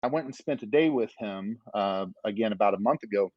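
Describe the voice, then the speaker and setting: Low-voiced man rambling through a story. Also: a little fast, no echo, lo-fi sound. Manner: rambling, filler-heavy storytelling. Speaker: podcast guest, business owner. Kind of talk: casual storytelling interview.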